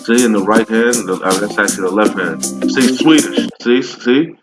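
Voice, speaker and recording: A man's voice: on the low side, normal speed, over music, poor audio. A man giving casual, emphatic religious commentary over a video, rambling and often asking "all right?". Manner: rambling with many restarts while browsing.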